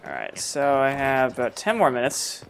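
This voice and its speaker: Lively young man doing gameplay commentary. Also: medium pitch, moderate pace, vocal fry, slight background noise. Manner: casual, swears, thinks aloud. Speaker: gameplay streamer.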